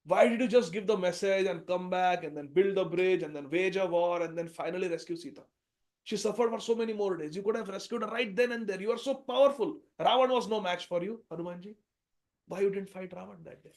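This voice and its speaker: A man's voice: sits high, fairly quick, darkish tone. A man voicing a proud, strong warrior prince who speaks emphatically. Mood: indignant.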